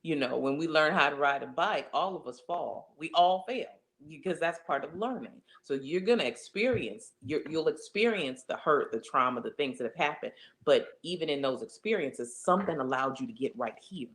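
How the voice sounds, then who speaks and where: A woman guest in an interview, speaking about faith in an animated, emphatic way and acting out the voices she quotes. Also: deep voice, moderate pace. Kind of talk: conversational interview, inspirational.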